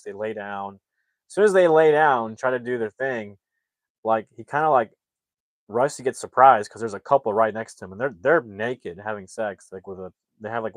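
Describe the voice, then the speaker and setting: Male movie reviewer, lower register, casual and rambling, dry close sound. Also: no room sound. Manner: rambling, filler-heavy storytelling. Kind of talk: casual plot recap.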